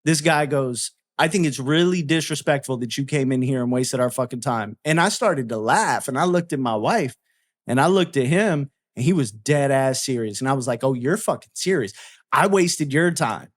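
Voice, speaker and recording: A man's voice: medium pitch, animated, moderate pace. A man telling a story in casual chat, swearing freely and acting out both sides of a heated argument.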